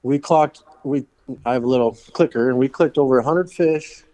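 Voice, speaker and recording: A man's voice: mid-range voice, normal speed, warm tone, no echo. A man, a fishing guide, telling casual stories as a podcast guest, rambling with fillers and laughing as he goes. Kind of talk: casual storytelling.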